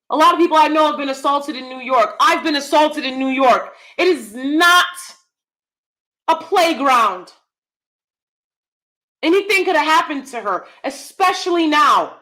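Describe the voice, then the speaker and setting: A woman's voice: high-pitched, bright, forceful tone. A woman hosting a commentary vlog, who speaks emphatically and often asks her viewers questions directly. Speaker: channel host; theater actor.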